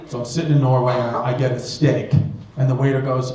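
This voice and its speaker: A man's voice: mid-range voice, flat delivery, fairly quick, a little mellow. A man doing stand-up comedy in a club, rambling and swearing as he banters with the crowd. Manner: profane, rambling, self-mocking banter with the audience. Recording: echoey club with audience noise.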